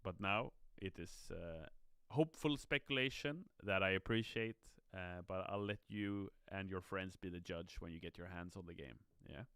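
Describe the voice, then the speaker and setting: On a live stream, a tired game community manager yawns yet chats upbeat, reading viewer comments aloud through a streaming mic. His low, smooth voice has a sharp tone and moves at a moderate pace with hardly any pauses; the audio is studio quality with no echo.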